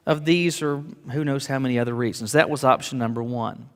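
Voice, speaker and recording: A man's voice: mid-range voice, fairly quick, few pauses, in a large hall. A man preaching a sermon as pastor, earnest and rising to emphatic declarations, often repeating words as he builds.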